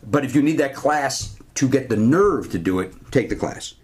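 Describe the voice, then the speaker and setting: A man in his fifties, a comedian guest, talking in a fast, animated, run-on way on a podcast. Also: medium pitch. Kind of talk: casual podcast chat.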